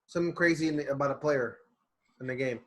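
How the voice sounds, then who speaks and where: A man co-hosting a casual chat podcast, slangy and animated, acting out quotes with big jumps in his voice. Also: mid-range voice, quick pace. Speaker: podcast co-host.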